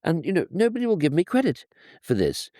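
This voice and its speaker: A man voicing a blustering, boastful emperor who rambles and pleads in a stammer, his pitch pushed up high. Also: huge pitch swings, fairly quick, warm tone, no echo, clean studio sound. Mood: gushing, aggrieved. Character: blustering boastful German emperor, male, wounded.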